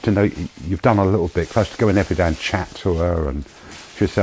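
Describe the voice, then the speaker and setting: A man with a very low voice tells a personal testimony, slow and tender as he recalls people he met. A faint hiss of noise sits under his voice. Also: darkish tone, rough recording. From United Kingdom. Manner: emotional storytelling, slow and tender. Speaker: charity founder giving testimony.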